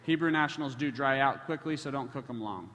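A man's voice: mid-range voice, fairly quick, a bit bright, slight background noise. A man preaching a sermon, telling stories and joking with the congregation. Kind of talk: sermon storytelling. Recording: long hall reverb.

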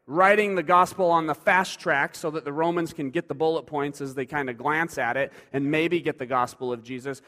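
A male preacher giving a sermon in a conversational way, moving between loud emphasis and quiet asides. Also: fairly high pitch. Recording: long hall reverb.

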